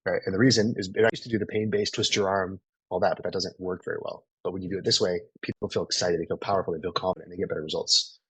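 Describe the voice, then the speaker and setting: A man's voice: sits low, steady tone, very fast, husky, dry recording, low-quality recording. A man in his thirties coaching a group in a live online training, casual and profane, always checking in with "right?". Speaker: sales coach.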